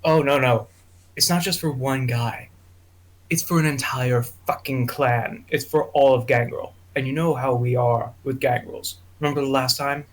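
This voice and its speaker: A man's voice: medium pitch, steady tone, normal speed, lightly acted. A man voicing a scheming male vampire ally in a tabletop role-play, talking in a confident, persuasive way.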